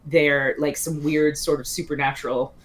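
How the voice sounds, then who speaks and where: In a casual interview, a guest author in her forties tells rambling stories packed with fillers, restarts, and frequent laughs. Her voice is deep, with little pitch movement, at a normal speed.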